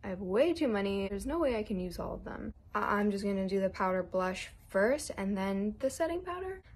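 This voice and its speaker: A woman in her twenties, a model, does her makeup for a casual vlog, chatting nervously and poking fun at herself. Her mid-range voice is husky, with lively intonation and a fairly quick pace.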